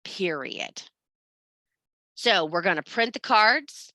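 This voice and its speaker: A woman's voice: mid-range voice, lively intonation, slow pace, pushed and bright, no echo. A woman teaching a spiritual class, blunt and profane, scolding and urging her students. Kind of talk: blunt motivational class talk.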